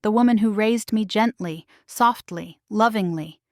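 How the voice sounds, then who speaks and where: A woman narrating a romance story in the first person, with slow, measured storytelling on a close mic. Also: medium pitch, dry recording. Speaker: audiobook narrator.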